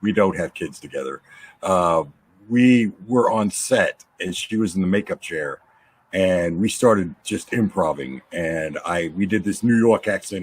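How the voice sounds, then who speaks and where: Low, husky-voiced man hosting a chat. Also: expressive, a little slow. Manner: joking, rambling, laughs often. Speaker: host. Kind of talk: casual chat.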